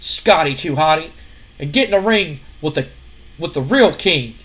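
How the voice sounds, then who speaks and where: A man's voice: fairly high pitch, lively intonation, normal speed, slightly rough. A man voicing an older wrestling king who scolds and mocks his son. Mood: scornful. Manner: scolding, mocking, shouting.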